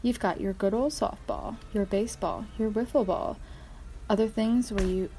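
A woman's voice: mid-range voice, steady tone, normal speed, warm tone, a little hiss or hum, low-quality recording. A woman podcast host reading a casual outro at home, chatty and easily sidetracked. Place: home with a cat. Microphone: phone.

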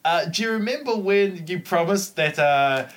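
A man's voice: high voice, lively intonation, moderate pace, fairly bright tone, voice pushed up. A man putting on the voice of a smug, scheming young male rival.

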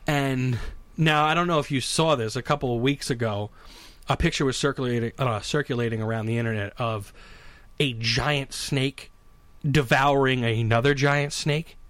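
A man's voice: mid-range voice, moderate pace, clear, resonant tone, dry recording. A man telling a story in casual, profane, comedic chat as a podcast co-host. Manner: animated, profane, conversational.

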